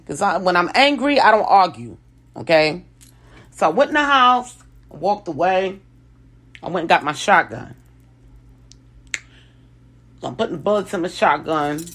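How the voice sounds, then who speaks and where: A woman's voice: fairly low pitch, breathy edge. A woman telling a personal story in casual speech, full of restarts and self-corrections, acting out other people's lines. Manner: animated, restarts and self-corrections, lively quoted voices.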